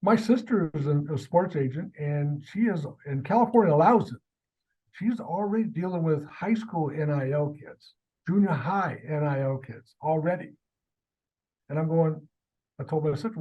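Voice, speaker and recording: A man, a high school athletic director, telling stories as a guest in a casual interview and acting out the people in them. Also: moderate pace, lo-fi sound. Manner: animated, acts out the people in his stories.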